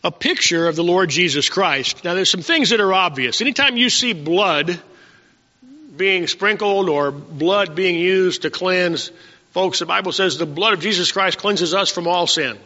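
A male pastor preaching a sermon, reading scripture slowly and then telling homespun stories to his congregation. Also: high voice, sharp tone. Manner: reads verses slowly, then tells folksy stories. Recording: dull lo-fi church recording with long reverb.

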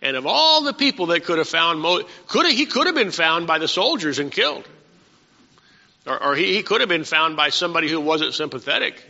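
A man's voice: a little high, vocal fry, sharp tone, big-room sound, lo-fi sound. A man preaching a casual, conversational sermon, asking his congregation questions as he teaches.

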